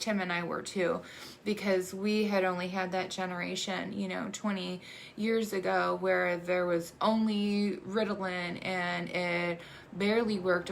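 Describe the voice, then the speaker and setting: An adoptive mother in her thirties shares a personal story, her words halting and full of restarts as she fights back emotion. Her voice sits low and flat, with a gravelly fry. A faint hiss runs underneath. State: emotional, choking up.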